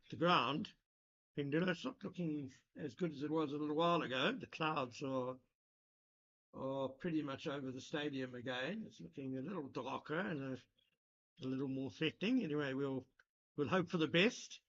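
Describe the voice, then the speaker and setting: A man giving live cricket commentary, measured and analytical, chatting with his co-commentator. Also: on the high side, a bit bright. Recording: lo-fi broadcast sound.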